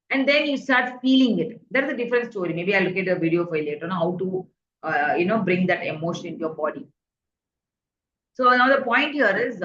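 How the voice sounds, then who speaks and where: A woman's voice: mid-range voice, a bit bright. A woman coaching her audience in a workshop talk, earnest and repetitive, with many fillers, often asking her listeners questions. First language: Tamil. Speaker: life coach. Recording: muffled, echoey room.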